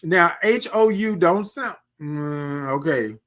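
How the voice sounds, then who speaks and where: A man's voice: a little high, lively intonation, slow, fairly bright tone. A man from Houston hosting a casual morning livestream, chatting with viewers and reading their comments aloud. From Houston, Texas. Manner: chatty, tags lines with "right?" and "y'all", reads viewer comments aloud. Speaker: host. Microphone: desk microphone he can move aside.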